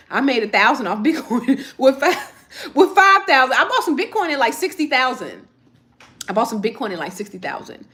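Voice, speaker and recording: A woman's voice: high-pitched, very animated, normal speed, a bit bright. A woman, chatting casually on a livestream and answering viewer comments as she rambles. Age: 30s.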